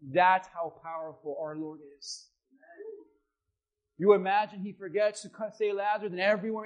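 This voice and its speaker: High-voiced, fiery male preacher. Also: steady tone, normal speed, muffled recording. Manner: dramatic swings from quiet reading to shouted preaching. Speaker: pastor. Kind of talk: sermon.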